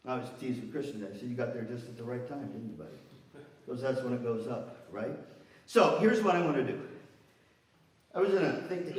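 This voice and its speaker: A man giving a lively, chatty lecture to music educators, often asking the audience questions. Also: a little high. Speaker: guest speaker for music educators. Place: large echoey lecture room. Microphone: distant from the microphone. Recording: echoey room from far off.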